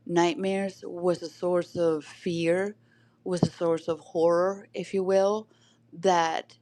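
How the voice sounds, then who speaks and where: This is a woman with a Chilean Spanish accent and a fairly low voice that has a gravelly, fry-tinged edge. She speaks as a podcast guest in a reflective, storytelling way, pausing often on fillers as she thinks aloud. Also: a little mellow, no room sound. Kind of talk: casual conversation.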